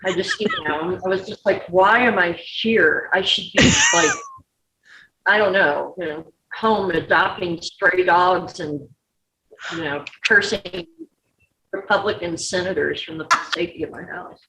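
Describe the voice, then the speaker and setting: A woman's voice: on the low side, measured pace, noisy background. A woman musician guest chatting casually, wry and drawling. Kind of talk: casual chat. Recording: roomy echo.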